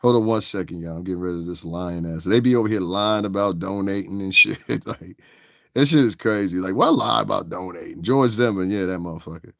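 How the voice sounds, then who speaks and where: A man's voice: low-pitched, a little fast, creaky, dry recording, studio quality. A man hosting a livestream, ranting angrily and combatively with heavy profanity. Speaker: livestream host. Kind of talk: casual livestream rant.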